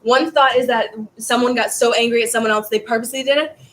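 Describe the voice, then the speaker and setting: Woman history teacher, rambling casual lecture, slightly high voice, faint hiss behind. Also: fairly even intonation, fast talker, fairly bright tone, poor audio. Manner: rambling, stumbles over words and restarts.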